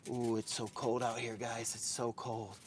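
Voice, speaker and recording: A man's voice: mid-range voice, little pitch movement, unhurried, a little hiss or hum. Chatty older man camping in a tent. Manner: chatty, repeats himself, talks about himself in the third person. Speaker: camping livestream host. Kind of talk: casual livestream chat. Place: hot tent outdoors on a windy day.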